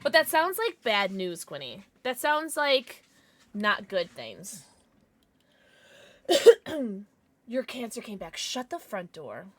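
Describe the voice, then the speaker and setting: A woman live streamer chatting casually with her viewers, chatty and quick to swear. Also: mid-range voice. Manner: chatty, lively, swears freely.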